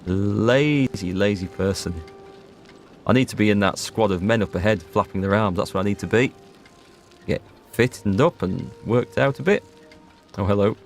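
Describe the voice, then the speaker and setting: Guy doing let's play commentary, jokey, talks to chat, lowish gravelly voice. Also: normal speed, soft background music. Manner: joking, talks to chat while playing. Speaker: gaming video host.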